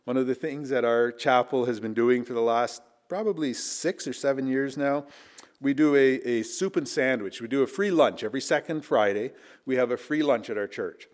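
A middle-aged man preaching in a chapel, telling a personal story with earnest emphasis that drops to hushed asides. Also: mid-range voice, normal speed. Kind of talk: storytelling sermon.

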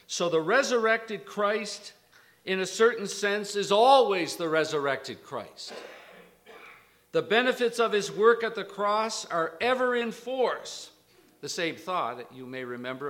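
A man preaching a sermon, slow and emphatic, rising sharply on quoted lines with scholarly asides. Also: fairly bright tone. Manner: slow, emphatic, with sudden lifts in pitch and volume on quotations. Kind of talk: expository sermon.

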